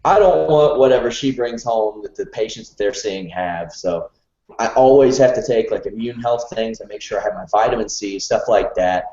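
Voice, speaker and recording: A man's voice: fairly low pitch, normal speed, dark tone, roomy sound, muffled recording. A man hosting a wrestling podcast, chatting casually and reading an ad with a jokey edge. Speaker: podcast host. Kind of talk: casual podcast chat with ad read.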